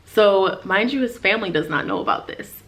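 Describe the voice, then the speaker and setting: A woman's voice: mid-range voice, sing-song, brisk, a bit bright. A young woman vlogger telling a personal story to camera in casual chat, full of "like" fillers and acted-out quotes. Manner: chatty, lots of "like" fillers, acts out quoted lines.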